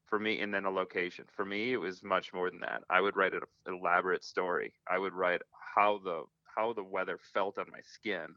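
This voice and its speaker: A man's voice: sits low, steady tone, brisk, few pauses, bright, forceful tone, no room sound. A man talking as a guest in an interview, earnest and reflective, often restarting his sentences, over a phone line. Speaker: hunting guest. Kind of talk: casual interview talk. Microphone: phone call.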